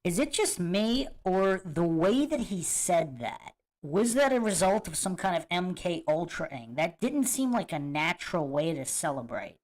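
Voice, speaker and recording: This livestream host has a high, very animated voice and speaks unhurriedly with few pauses. He chats casually with viewers and reacts to clips, musing emphatically and repeating his points.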